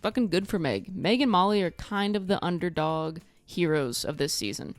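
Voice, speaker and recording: A woman's voice: on the low side, expressive, moderate pace, dry recording, soft background music. A woman recapping a reality show in a casual vlog, blunt and sarcastic, swearing freely. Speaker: TV recap vlogger.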